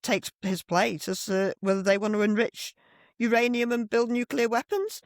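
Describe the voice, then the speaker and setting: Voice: mid-range voice, moderate pace, no echo, clean studio sound. A podcast co-host chatting casually about politics in a sardonic, blunt way, often giggling.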